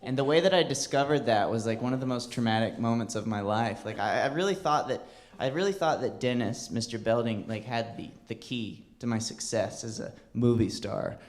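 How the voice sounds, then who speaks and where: A man's voice: mid-range voice, a little fast, few pauses. A man telling a rambling, self-deprecating story on a comedy stage, with many hesitations. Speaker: stand-up comedian. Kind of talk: stand-up storytelling.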